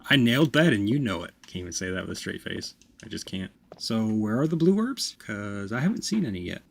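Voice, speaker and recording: A man hosting a let's play, commenting on the game with loud, profane reactions and self-mocking jokes. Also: on the low side, very animated, brisk, gravelly, a little hiss or hum. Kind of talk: gameplay commentary.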